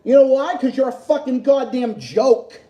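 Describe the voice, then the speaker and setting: A man's voice: extremely high pitch, expressive, moderate pace, dark tone, roomy sound, highs cut off. A man hosting a livestream, in a furious, profane political rant that keeps repeating itself. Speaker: livestream host.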